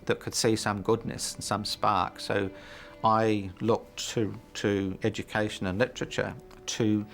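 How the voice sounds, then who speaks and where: A man's voice: on the low side, little pitch movement, a little slow, gravelly, a bit bright. A middle-aged man telling his life story in an interview, reflective and hesitant, with many fillers and frequent chuckles. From New Zealand. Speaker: interview guest.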